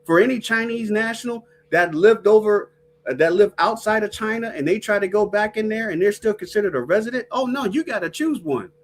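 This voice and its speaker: A woman co-hosting a podcast in casual chat, profane, blunt and animated. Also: medium pitch, a little fast, slight background noise. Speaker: podcast co-host.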